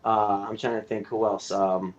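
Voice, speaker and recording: A man's voice: lowish voice, level tone, normal speed, lo-fi sound. A man from Canada, a guest film director, chatting casually in an interview and telling his story candidly, with plenty of swearing and fillers.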